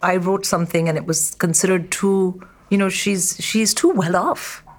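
A woman talks candidly as a comedian guest over a lunch interview. Her voice sits on the low side for a woman, and she tells stories bluntly, with lively quick asides. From India. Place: at a restaurant table over lunch.

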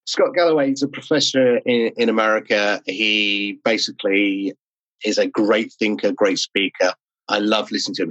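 A man's voice: lowish voice, a bit bright, no echo, highs cut off. A man talking on a video call interview, enthusiastic and explanatory. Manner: enthusiastic, explanatory, quick asides. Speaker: podcast host and interview guest. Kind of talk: casual interview talk.

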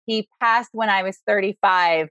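A woman in her forties talking candidly as a podcast guest, loud and animated, laughing often. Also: mid-range voice, normal speed, no room sound, lo-fi sound. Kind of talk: candid conversational interview.

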